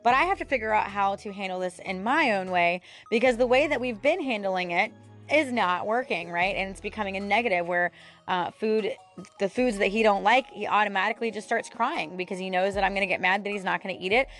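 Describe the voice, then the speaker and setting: A woman in her thirties talks through a casual solo podcast episode, chatty and candid, and she often stops on fillers and small laughs. Her voice sits at an ordinary middle pitch, and soft music plays faintly behind her. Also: fairly quick. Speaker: podcast host.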